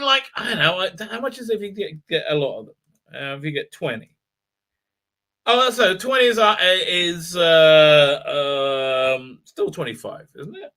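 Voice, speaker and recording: A middle-aged man hosting a casual livestream, reading chat aloud, rambling and excitable with many fillers and frequent laughs. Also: fairly high pitch, unhurried.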